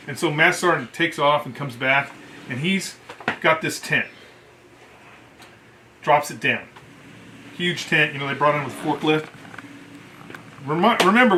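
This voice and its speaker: A man's voice: on the high side, unhurried, long pauses, sharp tone, a little hiss or hum. A man, a Marine veteran, telling a casual war story in a salty, profane, self-interrupting way.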